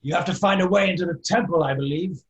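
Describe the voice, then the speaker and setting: A man's voice: high voice, quick pace, echoey room, lo-fi sound, voice pushed up, close to an everyday voice. A man voicing a pompous, blustering man in a long fur coat who lumbers about. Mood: brisk. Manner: indignant, blustering, loud.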